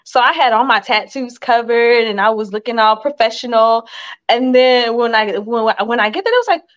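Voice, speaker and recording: A woman's voice: on the high side, normal speed. A woman telling a story in a casual podcast chat, laughing and encouraging the others. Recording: dull lo-fi sound.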